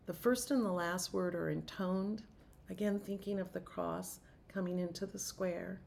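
A woman teaching as a Sufi teacher and leading a slow, intoned group chanting practice. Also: medium pitch, gravelly, a little hiss or hum. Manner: slow, soft-spoken, drawn-out intoned chanting.

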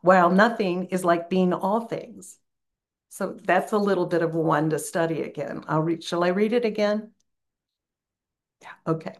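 Older woman giving a musing spiritual talk. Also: fairly low pitch. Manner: slow, musing reading with asides and soft laughs. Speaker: spiritual teacher.

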